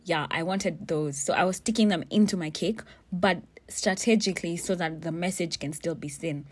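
Young woman, lowish voice, cussing a lot while she tells a story, super casual. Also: moderate pace, breathy edge. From Kenya. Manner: blunt, profane, animated storytelling. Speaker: vlogger.

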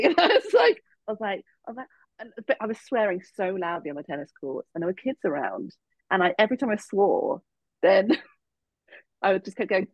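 A woman's voice: fairly low pitch, very animated, normal speed, no echo. Woman, coach as podcast guest, giggly storyteller, dry close sound. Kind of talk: casual podcast chat. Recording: dull lo-fi podcast audio.

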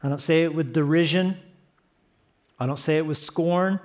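A man's voice: on the high side, steady tone, normal speed, darkish tone. A man preaching a sermon as pastor, passionate and emphatic, building to fervent peaks. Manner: impassioned, rising to emphatic peaks.

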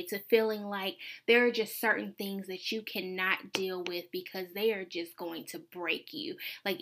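Bright young woman podcasting about faith, earnest and open, says like a lot. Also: medium pitch, gravelly. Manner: earnest, confessional, peppered with "like". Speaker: podcast host. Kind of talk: casual faith podcast monologue.

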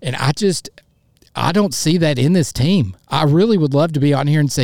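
A frustrated man hosts his own sports podcast, venting in a blunt, fired-up rant and hammering points home by repeating them. His voice sits a little high for a man, and the recording is close and dry with no room sound. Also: animated, fairly quick, darkish tone, no echo. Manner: blunt, repeats himself for emphasis. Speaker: podcast host. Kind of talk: solo sports podcast commentary.

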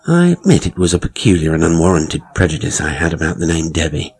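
Deep-voiced horror narrator. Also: male voice, flat delivery, low-quality recording. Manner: measured, dryly ironic storytelling. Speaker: author and narrator. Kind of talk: scripted horror story narration.

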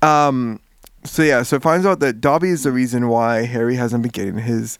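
Guy chatting on a podcast, swears a lot, super animated, dry close sound. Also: medium pitch, moderate pace, smooth, no room sound. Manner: animated storytelling, swears freely. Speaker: podcast co-host. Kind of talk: casual book recap chat.

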